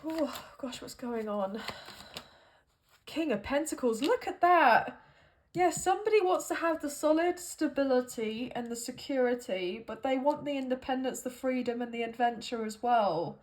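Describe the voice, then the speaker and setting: A woman's voice: high voice, normal speed, darkish tone. A woman giving an intuitive tarot reading, musing and hesitant as she thinks aloud with plenty of fillers. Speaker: tarot card reader.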